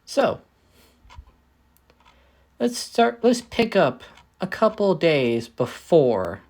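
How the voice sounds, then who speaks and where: A man's voice: high voice, big pitch swings, drawn-out words, darkish tone. A man casually improvising a fan fiction story, often correcting himself as he goes. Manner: rambling, self-correcting. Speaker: fanfic storyteller.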